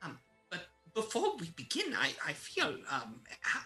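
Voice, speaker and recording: A woman plays a tabletop game character in a hesitant way. Her lowish voice is bright and moves around a lot in pitch, with faint music behind her. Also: wildly swooping pitch, a little slow. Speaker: player. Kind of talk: tabletop game role-play.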